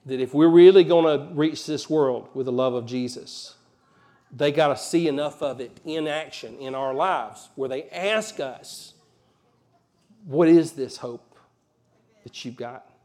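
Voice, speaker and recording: A man's voice: on the high side, a little slow, a little mellow. Folksy Southern-tinged man preaching a sermon. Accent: mild Southern US. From Alabama, US. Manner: conversational preaching, folksy asides, rising emphasis. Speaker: pastor.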